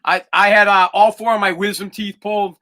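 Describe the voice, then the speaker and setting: A man's voice: sits high, little pitch movement, a little fast, pushed and bright. A middle-aged man hosting a podcast, ranting bluntly with plenty of profanity and mocking whiny voices. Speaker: podcast host. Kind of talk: blunt opinion monologue.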